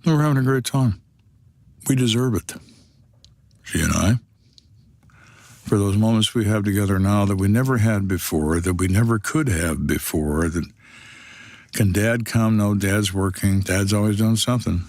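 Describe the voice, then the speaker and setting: A man's voice: lowish voice, normal speed, pauses often, a little mellow, no echo. A man in his sixties, a retired detective, telling stories on a podcast in a blunt, dry, wry way. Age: 60s. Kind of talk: storytelling on a podcast.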